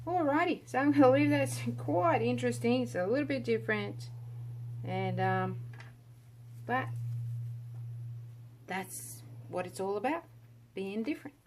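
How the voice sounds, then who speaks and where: Aussie woman mumbling along while she pours resin, chatty and trailing off, quiet indoor room with faint hiss. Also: on the high side, unhurried, pauses often. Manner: chatty, murmured running commentary, often trailing off. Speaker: resin artist. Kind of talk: casual narration while working. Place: indoor home art studio with a window.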